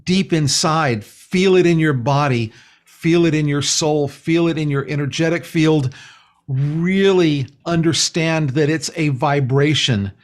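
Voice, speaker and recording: A man speaking as a guest, explaining a spiritual practice in a calm, slow, earnest way. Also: a little high. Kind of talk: spiritual teaching in conversation.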